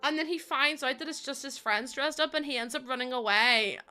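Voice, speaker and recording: Young woman streaming from home, giggly and gushy, kinda high and bright. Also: moderate pace, clean tone. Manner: giggly, gushing, emotional. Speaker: live streamer. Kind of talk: casual stream chat.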